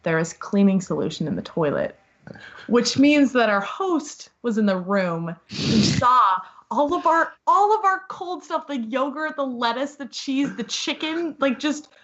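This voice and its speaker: A young woman with a high voice tells a story in casual podcast chat. She talks in an animated way, acting out quoted voices and saying "like" often. The recording is dull and lo-fi. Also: a little slow, few pauses. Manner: animated, acts out quoted voices, says "like" a lot. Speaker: podcast guest.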